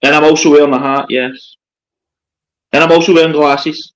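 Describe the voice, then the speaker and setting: A man's voice: fairly high pitch, steady tone, moderate pace, low-quality recording. A Scottish man, a paranormal investigator, joking dryly as a guest in a casual live chat.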